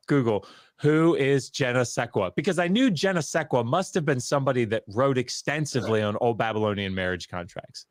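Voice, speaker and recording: A man's voice: mid-range voice, brisk, no room sound, studio quality. A man telling a self-mocking story in casual talk, acting out the voices of the people he quotes. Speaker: guest scholar. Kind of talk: casual storytelling on a video call.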